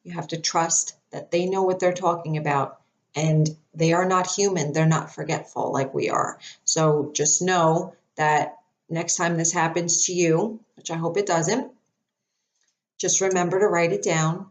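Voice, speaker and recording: Woman, lowish voice, chatty storyteller to camera, dry throat, lots of fillers. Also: a little slow. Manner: chatty, animated, many fillers and restarts. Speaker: psychic medium.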